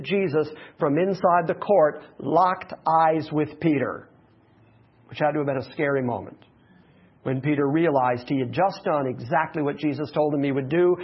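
Man, pastor, emphatic sermon, husky, slightly high voice, dull lo-fi sound. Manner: emphatic preaching with repeated phrases.

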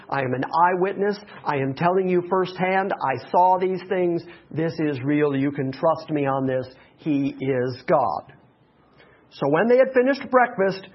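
A man preaches with emphatic, repeated phrases. His voice sits a little high and has a husky edge. The recording sounds dull and lo-fi. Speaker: pastor. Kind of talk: sermon.

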